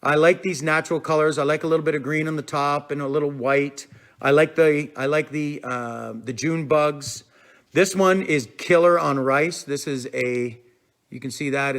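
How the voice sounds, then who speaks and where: A man's voice: a little high, fairly bright tone. Chatty man hosting a fishing live stream. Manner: chatty and rambling, with fillers like "I'm telling you" and "man"; reads out and answers viewer comments as they come in. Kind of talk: casual live-stream chat.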